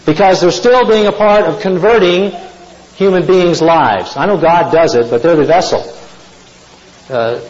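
Preacher, male, high voice, folksy storyteller, dull lo-fi tape. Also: measured pace, a little mellow. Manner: folksy storytelling, asks the congregation questions. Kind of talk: sermon.

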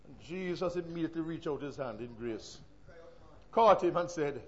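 A man with a Jamaican accent preaching a sermon, swinging between loud emphatic passages and hushed asides. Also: on the high side, expressive, moderate pace, lo-fi sound.

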